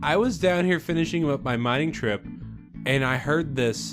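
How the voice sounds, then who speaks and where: A young man talks casually over his gameplay, earnest and rambling, often restarting his sentences. Music plays clearly beneath his voice. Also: a little high, normal speed. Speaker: let's play host. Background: background music.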